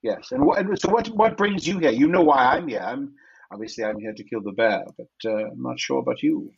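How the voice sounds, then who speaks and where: A man's voice: mid-range voice, expressive, brisk, vocal fry, husky. A man voicing a genteel older male big-game hunter who talks politely and rambles with many restarts, in a tabletop game. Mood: courtly. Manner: courteous, rambling, hesitant with repeats. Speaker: player. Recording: dull lo-fi mic.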